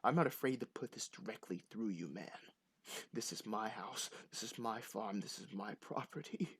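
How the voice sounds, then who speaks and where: A man voicing a grieving, menacing older bearded farmer who speaks low and threatening. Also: lively intonation, moderate pace, a bit bright, breathy edge.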